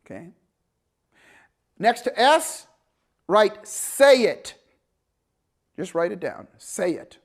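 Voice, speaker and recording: A man teaching a motivational seminar, telling a story with lively acted-out dialogue and swings between loud bursts and hushed, calm passages. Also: high-pitched, takes it slowly, pauses often. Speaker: motivational coach.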